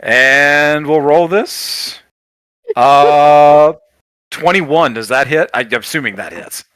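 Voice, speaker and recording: A man's voice: a little high, slow, a bit bright, smooth, no room sound. A man narrating as game master in a tabletop game, loose and rambling with lots of fillers.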